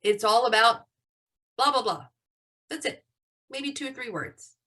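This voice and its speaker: An upbeat woman teaching an online class, her voice sitting a little high for a woman. She praises her students warmly and keeps her energy up. She is heard over a video-call mic. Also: lively intonation, unhurried. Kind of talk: live online class lesson.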